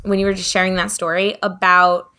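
Bright-voiced woman chatting casually. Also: on the low side, flat delivery, fairly quick. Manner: rambling, reflective, lots of fillers. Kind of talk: casual spiritual chat.

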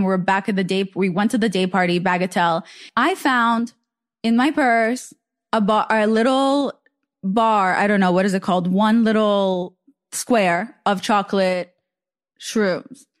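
A young woman hosting a casual chat, telling a long story full of "like" fillers. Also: medium pitch. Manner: chatty storytelling, many "like" fillers. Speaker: podcast host.

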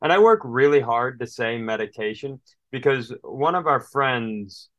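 A man's voice: medium pitch, lively intonation, measured pace, no echo. Podcast co-host, man with a slight Southern drawl, storyteller who acts out calls, bone-dry close mic. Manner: storytelling, acting out phone calls with voices; exasperated, swearing rants. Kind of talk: casual chat.

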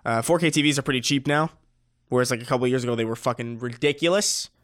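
A man's voice: medium pitch, fast talker, a bit bright. A man with a mid-range voice chats on a casual podcast. He talks loosely, stumbling over restarts and dropping the odd swear word. He sounds easygoing and opinionated. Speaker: podcast co-host.

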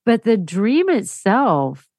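A woman's voice: medium pitch, very animated, takes it slowly, darkish tone, dry recording. A woman co-host chatting engagedly about a story she heard. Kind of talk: casual discussion.

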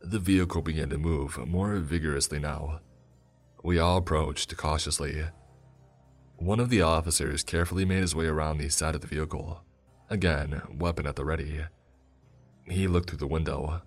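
A man narrating a first-person story in a steady, grave manner. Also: extremely low pitch, moderate pace. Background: faint music.

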